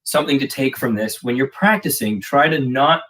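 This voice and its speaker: With a bright, forceful tone and a mid-range voice at normal speed, a drum teacher runs a casual live lesson, chatting through patterns with many fillers. It's recorded on a distant mic with noticeable background noise.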